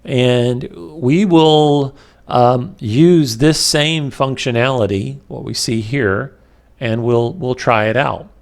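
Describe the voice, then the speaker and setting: A man teaching a web development lecture over a screen capture, talking in a slow, halting way with many fillers and pauses while he has the hiccups. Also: mid-range voice.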